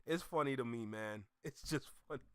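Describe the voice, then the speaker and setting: A man in casual commentary, animated and mocking, laughing often as he reacts to a clip. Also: medium pitch, normal speed, clear, resonant tone, no room sound, clean studio sound.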